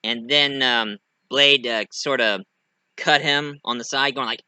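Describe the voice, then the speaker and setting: A man's voice: measured pace, clean tone, no room sound. A man casually telling his own fan story, rambling and hesitant with many fillers. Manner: rambling, hesitant, lively pitch.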